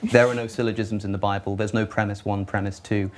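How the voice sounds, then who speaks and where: A man on a discussion panel who talks quickly and acts out little scenes in his arguments, often restarting and repeating words as he goes. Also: lowish voice, level tone, a little hiss or hum. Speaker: atheist panelist.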